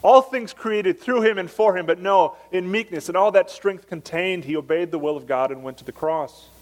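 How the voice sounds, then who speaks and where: A male pastor preaching a Sunday morning sermon, earnest and emphatic, slowing down to stress key phrases. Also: high voice. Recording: long church reverb.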